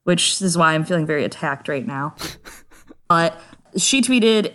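A woman's voice: deep voice, animated, a little slow, pauses often, fairly bright tone. A woman co-hosting a podcast in casual chat, playful and laughing often. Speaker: podcast co-host.

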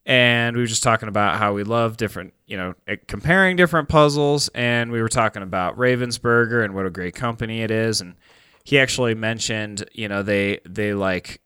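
Low, smooth-voiced rambling podcast host. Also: male voice, fairly quick, pushed and bright, dry recording. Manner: rambling, filler-heavy, enthusiastic. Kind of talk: casual podcast chat.

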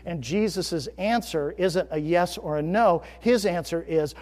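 A man's voice: a little high, a little slow, few pauses, long reverb tail. Preaching man with wide swings in volume. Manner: swings from loud emphatic declaration to quiet conversational asides. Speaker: pastor. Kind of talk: sermon.

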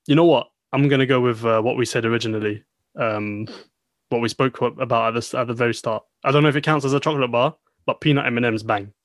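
A man's voice: medium pitch, a bit bright, no room sound, studio quality. A young man co-hosting a podcast, playful and bantering in a casual chat. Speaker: podcast co-host.

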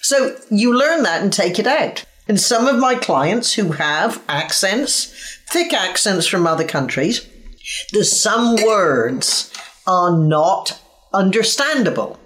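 A woman with a Dorset English accent, a speaking coach giving interview answers in a deliberate, emphatic and blunt way. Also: medium pitch, animated, a bit bright. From England. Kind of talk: interview conversation.

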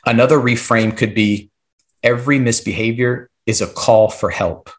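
A man's voice: mid-range voice, fairly even intonation, moderate pace. A man explaining classroom strategies on a podcast, coaching listeners and checking in with a frequent "right?". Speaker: podcast guest, classroom behavior expert.

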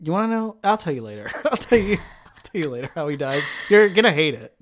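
A woman's voice: sits low, very animated, fast talker, a little hiss or hum. A woman co-hosting a casual chat, explaining plot in detail and laughing often. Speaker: podcast co-host. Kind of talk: casual chat recapping a show.

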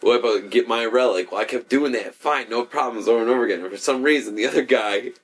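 A man's voice: medium pitch, fast, slightly rough. A young man co-hosting a casual chat, telling rambling stories full of swearing and laughter. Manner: profane, laughing, rambling storyteller. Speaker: podcast co-host.

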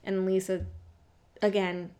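A young woman chatting casually as a podcast co-host, blunt and profane, her voice at an ordinary middle pitch. She laughs often and slips into quick impressions of the people she quotes. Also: level tone, warm tone. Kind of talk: casual chat recapping reality TV.

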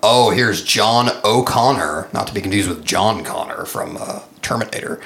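A man's voice: on the low side, moderate pace, hardly any pauses, fairly bright tone. A man co-hosting a casual chat, reading comments aloud with sarcastic, mocking asides. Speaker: podcast co-host.

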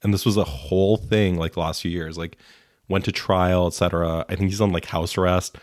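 Deep-voiced man ranting snarkily. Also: steady tone, a little fast, no echo, clean studio sound. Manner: snarky, ranting, swears freely. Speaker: podcast co-host. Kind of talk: casual chat.

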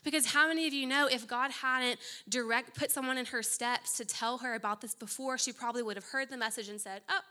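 Bright animated woman preaching. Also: fairly high pitch. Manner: animated storytelling with quick asides. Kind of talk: sermon.

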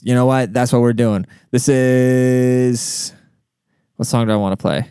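A man's voice: mid-range voice, fairly even intonation, slow pace, dark tone, clean tone, dry recording, clean studio sound. A man hosting a podcast, talking in a rambling, profane, casual monologue with lots of fillers and asides. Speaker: podcast host. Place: outdoors.

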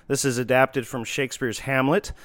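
A man hosting a talk show, chatting in a halting way with many fillers and restarts. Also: medium pitch, fairly even intonation, fairly bright tone, no echo. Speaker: podcast host. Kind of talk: casual chat.

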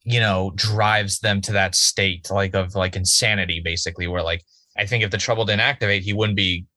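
A man from Massachusetts co-hosts a podcast, casually reviewing a TV episode in an animated, profane, rambling way full of "like"s. His voice is deep and a little fast, with no echo.

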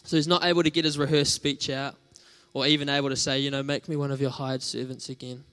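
A man's voice: mid-range voice, little pitch movement, fast, fairly bright tone. A man preaching a sermon in a conversational, storytelling way, with casual fillers.

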